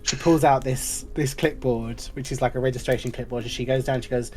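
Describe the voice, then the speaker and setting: A woman narrating a tabletop game as game master, in a lively, playful way. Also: a bass voice, brisk, soft background music.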